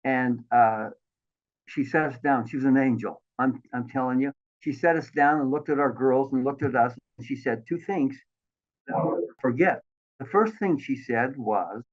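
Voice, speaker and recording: A man in his sixties telling his life story as an interview guest, animated and acting out the voices of the people he quotes. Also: mid-range voice, normal speed. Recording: thin phone-like line.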